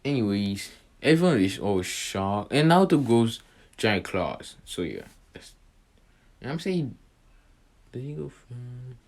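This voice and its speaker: A man's voice: medium pitch, big pitch swings, unhurried. A young man casually retelling a fan story, rambling with lots of fillers and correcting himself as he goes.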